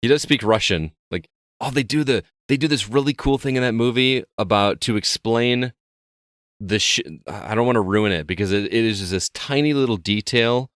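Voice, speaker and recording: A man's voice: mid-range voice, normal speed, a bit bright, dry recording, studio quality. A man co-hosting a podcast, telling a rambling story in casual chat with frequent restarts. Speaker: podcast co-host.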